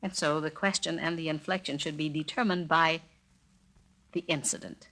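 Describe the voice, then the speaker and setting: A woman narrating a scripted spoken-word language lesson, saying each phrase slowly and carefully and repeating it for the listener. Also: sits low, steady tone, fairly bright tone. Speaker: language teacher narrating a record.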